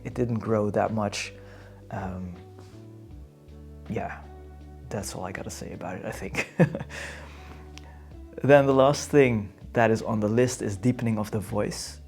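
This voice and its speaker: A young man with a Dutch accent, chatting to camera in English in a hesitant, halting way and searching for words. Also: fairly low pitch, gravelly, darkish tone. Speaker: vlogger. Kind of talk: casual chat to camera.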